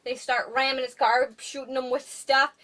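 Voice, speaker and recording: Young woman co-host, bright higher voice, loose rambling recap with fillers. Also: flat delivery. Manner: rambling, filler-heavy retelling with quick voices for characters. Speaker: podcast co-host. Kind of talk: casual movie recap chat.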